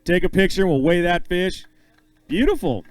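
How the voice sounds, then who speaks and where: Man, high voice, upbeat live emcee, joking banter, dry close sound. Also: very animated, dry recording, rough recording. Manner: upbeat, joking, calls names with drawn-out emphasis. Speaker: tournament weigh-in emcee.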